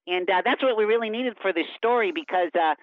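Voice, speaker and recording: A man voicing a cheerful, goofy male cartoon cucumber in a squeaky, high voice, joking through a radio interview. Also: brisk, no room sound, narrow, tinny audio, lightly acted. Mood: jokey. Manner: bouncy and jokey.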